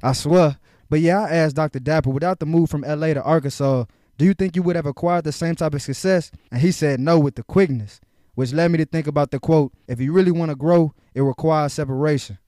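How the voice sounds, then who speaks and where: A man's voice: fairly high pitch, brisk, mellow, dry recording, studio quality. A young man from Houston hosting a casual podcast, talking in hype, slangy, upbeat bursts. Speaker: podcast host.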